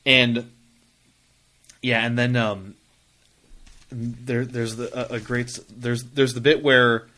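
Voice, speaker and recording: A man's voice: medium pitch, flat delivery, slow, sharp tone. A man co-hosting a podcast, chatting casually about a book in a rambling way, with many fillers and restarts. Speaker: podcast co-host.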